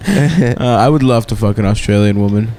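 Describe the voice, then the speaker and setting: A man's voice: fairly low pitch, normal speed, mellow. A man co-hosting a comedy podcast, telling crude stories casually and laughing often. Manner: crude, giggly storytelling. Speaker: podcast co-host.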